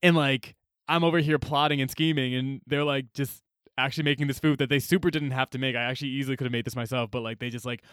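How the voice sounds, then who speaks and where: A man's voice: medium pitch, fairly even intonation, fast talker, fairly bright tone, smooth, no room sound, studio quality. A man co-hosting a casual book podcast, retelling scenes animatedly and acting out the characters' lines, with lots of "like". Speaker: podcast co-host.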